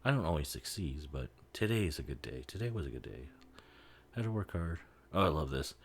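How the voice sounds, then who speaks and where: A man's voice: very deep voice, very animated, fairly quick. A man giving a casual, rambling commentary over a film, laughing often and swearing freely. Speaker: movie commentary host.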